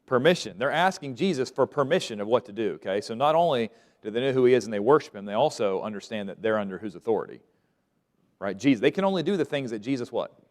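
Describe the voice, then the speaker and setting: A man's voice: mid-range voice, lively intonation, quick pace. Bible teacher quizzing his class. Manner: asks questions and lets the class fill in the answers. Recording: long reverb of a large room.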